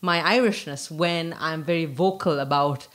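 A woman's voice: low voice, moderate pace. A woman broadcaster on a panel, telling stories with laughter. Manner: animated storyteller, laughing. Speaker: radio broadcaster. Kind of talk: casual panel chat.

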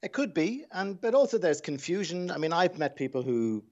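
A man working as a voice coach, explaining things in a measured way during a phone-in radio interview. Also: a little high, big pitch swings, darkish tone. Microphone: phone line. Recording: dull phone-line sound.

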